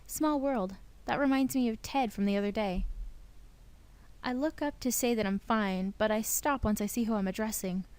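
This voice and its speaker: A young woman hosting a let's play, reading a visual novel's narration aloud in a playful, expressive way. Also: on the high side, normal speed, clean tone.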